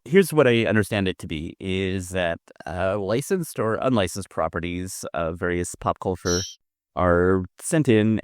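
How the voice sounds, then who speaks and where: A man co-hosting a casual podcast with deadpan, dry humor. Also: low-pitched, clean tone, dry recording. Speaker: podcast co-host.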